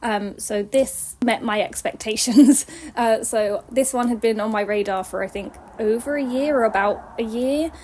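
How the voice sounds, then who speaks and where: A woman's voice: fairly high pitch, normal speed, a little mellow, slight background noise. A young woman chatting through book reviews to camera, earnest and enthusiastic, with frequent ums.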